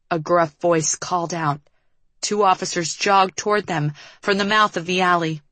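A woman reading a tense action story aloud as an audiobook narrator, in a steady storytelling manner. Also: fairly low pitch, moderate pace, dry recording. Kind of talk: scripted narration.

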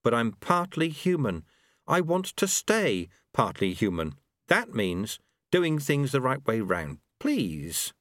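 A man's voice: medium pitch, big pitch swings, takes it slowly, a bit bright, no room sound, clean studio sound. A man voicing an earnest young male monk who speaks urgently and politely.

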